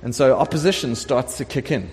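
A middle-aged man preaching a sermon as a pastor, telling the story in a lively way and acting out the voices of the people in it. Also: mid-range voice, brisk. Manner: animated storytelling preacher, acts out quoted voices. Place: church sanctuary. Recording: long church hall reverb.

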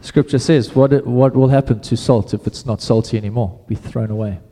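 Male pastor, relaxed and chatty delivery, mellow tone, church hall echo. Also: mid-range voice, moderate pace. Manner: casual, conversational preaching with repeated restarts. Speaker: preacher. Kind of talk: sermon.

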